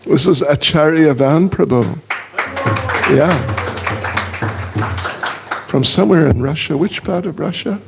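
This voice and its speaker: Slow gravelly older man joking with a congregation. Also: fairly high pitch, noisy background. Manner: slow, teasing, self-deprecating humor. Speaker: guest speaker, monk. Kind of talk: casual joking address to a congregation.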